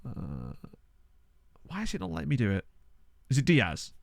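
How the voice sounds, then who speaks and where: A man's voice: mid-range voice, huge pitch swings, normal speed, vocal fry, no echo, clean studio sound. A man live-streaming a management game, chatting casually, thinking aloud and swearing now and then. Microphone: desk condenser microphone.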